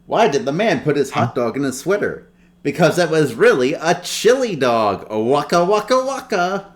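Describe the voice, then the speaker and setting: Man voicing a cheerful bear comedian, pitched up, stammering punchlines. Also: sing-song, moderate pace. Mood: joking. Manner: corny punchlines, eager stammering. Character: cheery joke-telling male bear comic.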